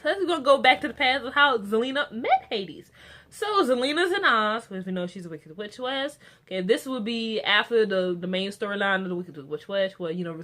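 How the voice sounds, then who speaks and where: Bright-voiced woman reviewing a TV episode. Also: medium pitch. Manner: animated, swears often, acts out characters' lines. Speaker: TV recap reviewer. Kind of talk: casual recap and review.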